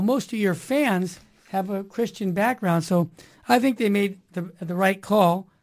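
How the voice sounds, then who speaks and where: A woman hosting a Catholic talk show on the radio, with a middle-pitched voice and an energetic manner. She preaches to her listeners and leans on catchy rhyming slogans.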